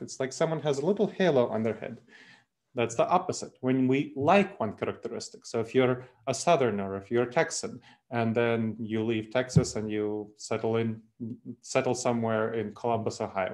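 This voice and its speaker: A man's voice: mid-range voice, darkish tone. A man with a Moldovan accent, from Moldova, giving an earnest explanatory webinar talk over a video call and restarting his sentences often. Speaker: speaker.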